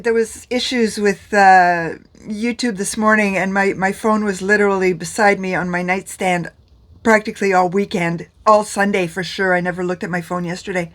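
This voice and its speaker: A middle-aged woman chatting through a makeup vlog, rambling and laughing often while tired and in pain. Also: mid-range voice. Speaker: beauty vlogger.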